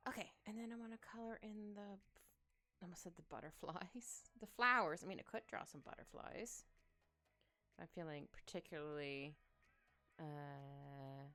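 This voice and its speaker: A woman's voice: lowish voice, unhurried, sharp tone. A woman streamer chatting casually while she draws, thinking aloud and humming to herself. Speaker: streamer drawing live. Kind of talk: casual chat while drawing. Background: faint background music.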